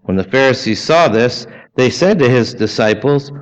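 A man's voice: mid-range voice, animated, moderate pace, smooth. A man, preaching a sermon in a conversational way, asking the congregation questions and adding casual asides. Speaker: pastor. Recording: dull lo-fi sermon recording.

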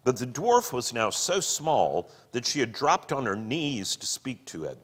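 A man reading a book aloud and commenting on it, slow and expressive. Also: slightly rough. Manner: slow and expressive, with wide pitch swings. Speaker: reader and teacher. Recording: long hall reverb.

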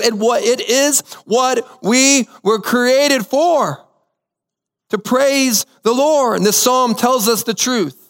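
A man's voice: extremely high pitch, a bit bright, long reverb tail. A man preaching a sermon as pastor, telling a story and repeating key phrases for emphasis. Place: church sanctuary.

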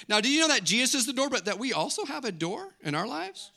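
High, bright-voiced animated male preacher. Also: fairly quick, creaky, few pauses. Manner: animated, joking storytelling preacher. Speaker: pastor. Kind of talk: sermon.

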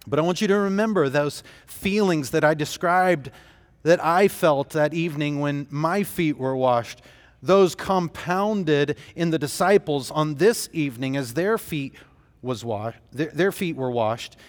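A man's voice: fairly high pitch, a little slow, in a large hall. A man preaching a sermon as pastor, telling the story in an earnest, emphatic way.

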